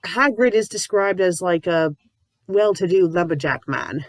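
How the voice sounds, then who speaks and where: A woman with covid reviewing fanfiction in a comedic, exasperated rant, sometimes breaking into shouts. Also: fairly low pitch, lively intonation, measured pace, no echo. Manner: exasperated, ranting, bursts into shouting; says "bloody" often. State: sick with covid, a little loopy.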